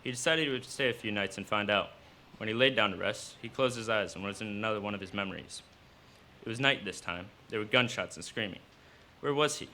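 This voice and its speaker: A man reading his own fiction aloud at a live cafe event, in steady storytelling narration. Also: lowish voice, a little fast, a little hiss or hum.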